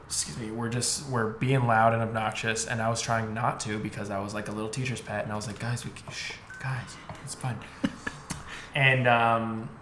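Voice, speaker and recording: A man's voice: lowish voice, level tone, a little fast, a bit bright. A young man co-hosting a podcast, telling a story in casual chat, swearing and acting out the voices of the people in it. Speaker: podcast co-host. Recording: echoey room with faint noise.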